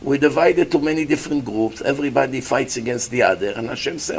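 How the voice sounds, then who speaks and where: A man giving a lively sermon as a rabbi, acting out little scenes and asking his listeners questions. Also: medium pitch, fast, creaky, few pauses, a little hiss or hum. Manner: animated preacher, acts out voices, asks the audience questions. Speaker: rabbi giving a Torah class.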